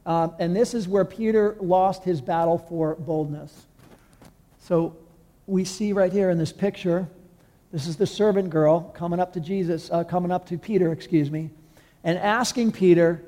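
A man preaches with rising passion, his voice high but dark and mellow in tone. His words ring out with a long reverb trailing through the hall. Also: steady tone, moderate pace. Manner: impassioned, acts out quoted voices. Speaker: pastor. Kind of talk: sermon. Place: church hall.

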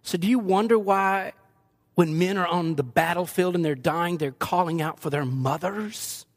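An older pastor delivers a sermon to his congregation in a fairly high, light voice at normal speed. Animated and conversational, he blends earnest teaching with playful, joking asides to the people before him.

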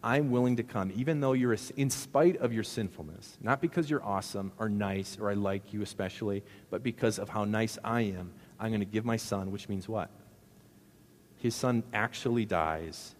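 A middle-aged male pastor delivers a relaxed, humorous sermon, talking with the congregation and tossing rhetorical questions at them. His voice sits low. It rings out with a long reverb from a large church hall. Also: moderate pace. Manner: conversational, jokey preaching with rhetorical questions. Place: church sanctuary.

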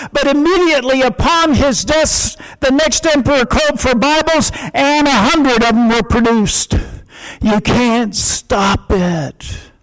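A man's voice: very high-pitched, a bit bright, rough recording. A male pastor preaching a sermon in emphatic, repeated short declarations.

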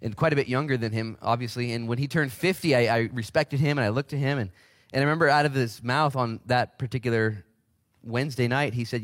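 A man in his forties preaching a casual, energetic sermon as pastor in a church, with big swings in pitch. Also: fast, no room sound, clean studio sound. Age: 40s.

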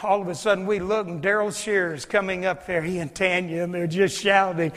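Pastor, male, high-pitched, preaching live in a church with a long echo, loud peaks and hushed dips. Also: fairly even intonation, fairly quick. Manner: swings from loud preaching to hushed near-whispers. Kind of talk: sermon. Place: church sanctuary.

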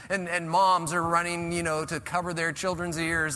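A male pastor preaching a conversational, animated sermon and acting out the people he describes. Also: on the high side, moderate pace. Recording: reverberant church hall.

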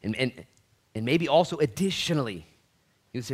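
A man preaching a sermon as pastor, conversational with restarts, swinging from quiet reflection to loud, rallying exhortation. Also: medium pitch, animated, brisk, pauses often. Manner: conversational, with restarts and folksy asides. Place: church.

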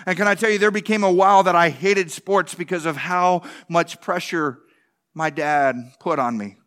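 A man's voice: high-pitched, normal speed, fairly bright tone. A man in his thirties, a pastor giving a conversational sermon, often asking "can I tell you" and restarting his words.

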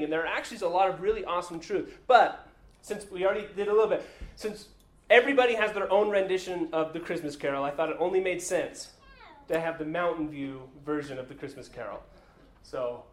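Pastor, male, high voice; relaxed, joking sermon delivery in an echoey church hall. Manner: chatty, joking, many fillers. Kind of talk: casual sermon. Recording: echoey room.

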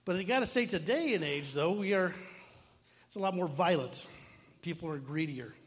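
A middle-aged man preaches in a relaxed, talky way, doubling back on his words and tossing in asides to the congregation. His voice sits a little high for a man and rings with the long reverb of a large hall. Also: normal speed. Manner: conversational preaching with frequent asides and restarts. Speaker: pastor. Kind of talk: sermon.

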